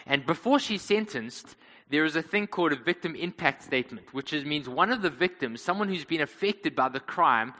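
A man's voice: on the high side, bright, forceful tone, big-room sound, rough recording. A man preaching a sermon, telling a story in an earnest way and calling his listeners friends.

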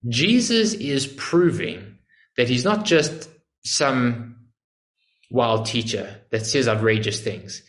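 A man's voice: mid-range voice, animated, takes it slowly, fairly bright tone. A male preacher giving an earnest sermon, explaining a passage and asking emphatic rhetorical questions. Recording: echoey room.

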